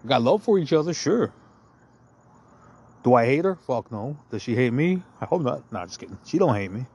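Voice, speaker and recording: A man's voice: mid-range voice, big pitch swings, normal speed, a little mellow, slightly rough, lo-fi sound. A man talking in a profane, meandering, self-deprecating monologue as a podcast host. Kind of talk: rambling confessional monologue.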